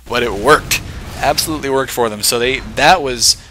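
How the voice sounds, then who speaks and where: A man giving live play-by-play commentary on a competitive video game match, excitable and full of joking asides. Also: medium pitch, a little slow, a little hiss or hum. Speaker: esports shoutcaster.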